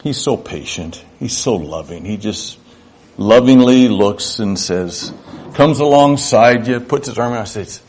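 A man's voice: mid-range voice, very animated, measured pace, a little mellow, husky. A middle-aged man preaching a sermon in an earnest, conversational way, acting out little dialogues. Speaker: pastor.

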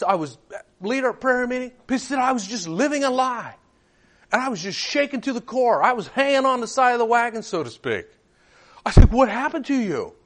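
A man preaching and telling a personal story, his voice pitched high and swinging widely as he acts out each quoted line. He moves between hushed, reflective moments and raised, emphatic ones. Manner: animated, retells dialogue in quoted voices. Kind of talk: sermon storytelling.

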